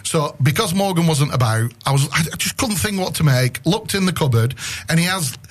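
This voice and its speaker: A man's voice: fairly high pitch, animated, a little fast. A male radio host chatting loosely in a studio, rambling and correcting himself as he goes. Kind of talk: casual studio banter.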